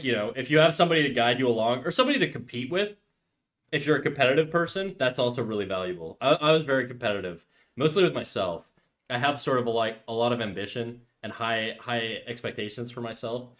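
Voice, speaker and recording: A man in a relaxed livestream chat who rambles openly with his viewers and keeps saying "dude". His voice sits at an ordinary middle pitch, and he talks close to a desk mic. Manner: rambling, candid, says "dude" a lot. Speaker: streamer and artist.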